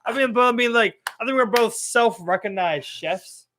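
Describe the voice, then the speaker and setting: A man co-hosting a podcast in casual chat, with quick slangy banter and a habit of asking "you know what I'm saying". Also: very high voice, pushed and bright, slight background noise. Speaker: podcast co-host.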